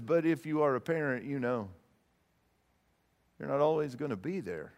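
A man's voice: medium pitch, lively intonation, moderate pace, long pauses, darkish tone, big-room sound. A male pastor preaching a sermon, earnest and emphatic, often repeating words as he presses a point. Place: church sanctuary.

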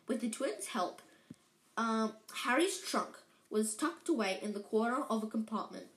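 Woman reading a storybook aloud, halting. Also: on the high side, expressive. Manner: halting, with slips and self-corrections. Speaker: reader. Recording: echoey room.

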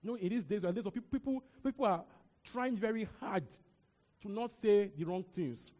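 A young man with a Nigerian accent preaching a sermon, talking in an animated, conversational way with repeated words and asides. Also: high-pitched, brisk. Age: young adult. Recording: long hall reverb.

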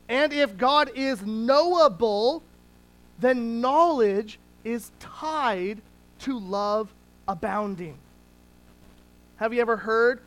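A preacher and parent giving a sermon in a conversational teaching tone, with small restarts, slowing down to stress key words. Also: mid-range voice, rough recording. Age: adult parent.

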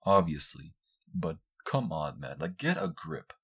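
Husky young man ranting casually. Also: big pitch swings, a little slow, a bit bright. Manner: profane, rambling, heavy use of filler "like"; mocks others in high squealing voices. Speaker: podcast host. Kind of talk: casual solo rant.

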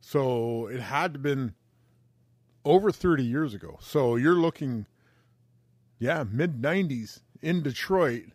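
A man's voice: medium pitch, expressive, takes it slowly, long pauses, darkish tone, no room sound, studio quality. A man in his forties, co-hosting a casual podcast, telling stories with plenty of profanity and exasperation. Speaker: podcast co-host. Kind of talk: casual chat.

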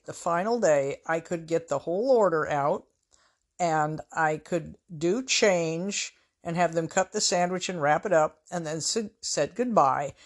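A woman from the US Pacific Northwest telling casual anecdotes in a wry, conversational, self-mocking way as host of her own storytelling show. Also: fairly low pitch.

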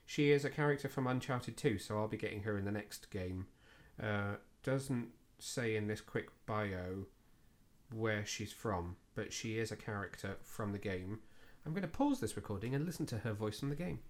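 A man's voice: on the low side, animated, normal speed. Chatty man hosting a podcast. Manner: chatty, self-deprecating, with frequent fillers. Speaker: podcast host. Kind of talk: casual film review chat.

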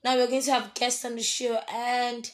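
A young woman hosts her solo book podcast in a loose, chatty way. She is excitable and self-mocking and keeps apologizing to her listeners. Her voice sits a touch higher than most. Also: moderate pace. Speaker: podcast host. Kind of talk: casual solo podcast chat.

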